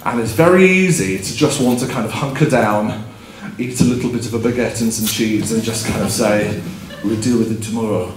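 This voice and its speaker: A man's voice: medium pitch, moderate pace, slight background noise. A man in his thirties gives a chatty, self-deprecating conference keynote, telling a story with frequent ums and laughing at himself. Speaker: keynote speaker. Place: conference hall stage. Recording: roomy hall, faint background ambience.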